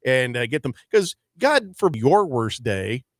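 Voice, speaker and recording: Very animated yet unhurried, a sports talk radio host with a medium-pitched voice rambles through casual stories, full of fillers and restarts. The studio microphone gives studio-quality audio with no room sound.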